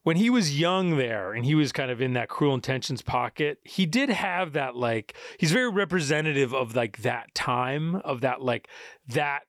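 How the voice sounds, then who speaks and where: A man's voice: mid-range voice, animated, normal speed, a bit bright, dry recording, studio quality. A man hosting a casual film podcast, rambling through plot summaries with many restarts and fillers. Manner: rambling, full of restarts and "you know". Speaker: podcast host.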